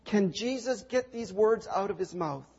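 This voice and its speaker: A man's voice: sits high, animated, measured pace, gravelly, a little mellow, breathy edge. A male preacher retelling a scripture story dramatically, with rhetorical questions and repeated refrains. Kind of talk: sermon. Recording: dull lo-fi recording.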